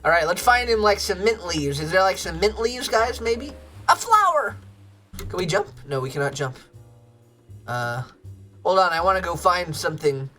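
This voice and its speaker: A woman's voice: on the low side, sing-song, moderate pace, pushed and bright, soft background music. A woman streamer giving casual, playful commentary while playing a game. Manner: bubbly, playful.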